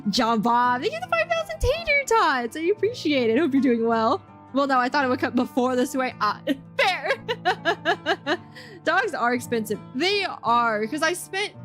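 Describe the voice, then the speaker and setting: A young woman chatting casually with her stream audience from home, her voice sitting high and light. She talks in a bubbly, giggly way, and soft music plays faintly behind her. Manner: chatty and bubbly, laughs often. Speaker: game streamer. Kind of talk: casual chat with stream viewers.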